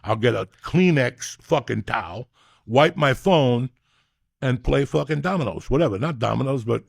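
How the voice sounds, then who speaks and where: A middle-aged man, telling crude comic stories in a loud, profane, animated way. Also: mid-range voice, normal speed, gravelly, no echo, clean studio sound. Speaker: comedian and podcast host.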